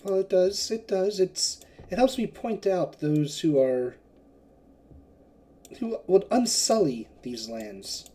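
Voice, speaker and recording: A calm male holy man speaks with measured solemnity, put on by a game master. His voice is mellow and soft-edged. He chooses his words with deliberate care. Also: medium pitch.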